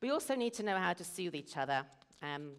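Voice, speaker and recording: A woman's voice: lowish voice, big pitch swings, a little fast, smooth. A middle-aged woman giving a sermon, explaining and telling stories in an earnest way. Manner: earnest, storytelling. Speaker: guest speaker at a church service.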